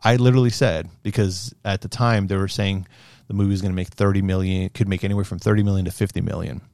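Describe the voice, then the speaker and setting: Low gravelly man rambling about movies. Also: fast talker, no echo, studio quality. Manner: rambling and animated, lots of fillers and swearing. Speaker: movie reviewer. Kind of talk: casual movie review chat.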